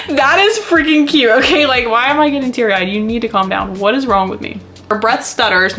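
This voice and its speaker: A young woman in her twenties chatting to camera about her books, gushing and excitable, rambling from one thought to the next. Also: mid-range voice. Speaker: book vlogger. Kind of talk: casual chat to camera.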